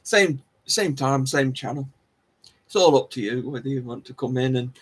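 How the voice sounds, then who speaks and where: This man hosting a live stream talks a little fast in a medium-pitched voice with a breathy edge. His casual chat with viewers rambles, turns self-deprecating, and is dotted with restarts and laughter.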